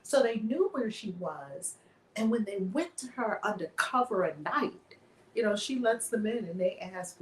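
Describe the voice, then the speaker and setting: A woman's voice: mid-range voice, normal speed, a little hiss or hum. Woman storyteller in an echoey room. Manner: lively retelling with voiced quotes. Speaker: guest author and minister. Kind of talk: animated storytelling in a chat.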